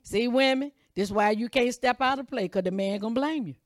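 Woman preacher, fervent sermon, swings between loud calls and quiet asides, bright and high, dry close sound. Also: brisk, dry recording. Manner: reads scripture aloud and comments between verses.

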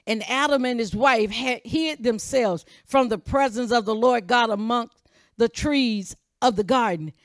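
Fiery preaching woman, dry close sound. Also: no room sound. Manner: impassioned preaching, swings from loud calls to low asides; reads scripture aloud and comments between verses. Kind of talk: sermon.

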